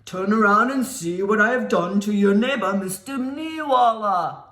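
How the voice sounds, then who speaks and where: A woman voicing a male monster in a costume, who speaks in a low, menacing, taunting voice. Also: measured pace, fairly bright tone, natural voice. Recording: roomy echo.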